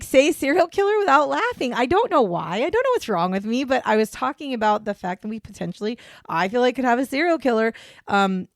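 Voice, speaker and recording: A woman's voice: a little high, no echo, clean studio sound. A woman co-hosting a casual true-crime podcast, rambling and self-deprecating, breaking into giggles as she talks. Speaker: podcast co-host.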